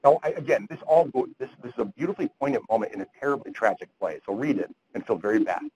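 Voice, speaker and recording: Fast-talking, earnest male lecturer. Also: mid-range voice, darkish tone, highs cut off. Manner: earnest storytelling, repeats words. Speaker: physician lecturer. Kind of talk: grand rounds lecture.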